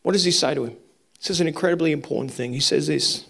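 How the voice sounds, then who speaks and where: A man's voice: a little high, fast talker, vocal fry, fairly bright tone. A male pastor preaching a sermon with fervor to his congregation, repeating his points and firing off rhetorical questions. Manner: impassioned, repetitive rhetorical questions. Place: church hall with congregation.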